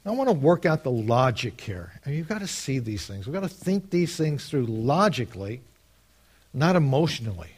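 A man preaching a sermon, arguing step by step and quoting scripture, swinging between quiet asides and loud emphatic points. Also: mid-range voice, big pitch swings, moderate pace, husky. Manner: argues step by step, quotes scripture.

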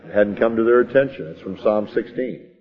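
In a fairly low voice and at a fairly quick pace, a man gives a folksy teaching sermon, reading scripture and dramatizing the scene in his own words with chuckles. The recording sounds dull.

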